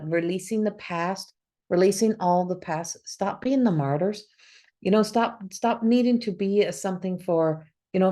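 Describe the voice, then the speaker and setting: Medium in pitch, her voice has a dark tone. This psychic reader speaks to camera alone, reading tarot for a forecast; she's earnest and encouraging, repeating herself and restarting as she thinks aloud.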